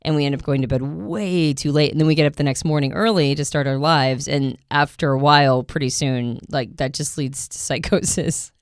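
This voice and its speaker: Talkative woman podcast host, animated. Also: low voice, normal speed, few pauses, clear, resonant tone, no room sound, clean studio sound. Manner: talkative, animated, laughs often. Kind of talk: casual podcast chat.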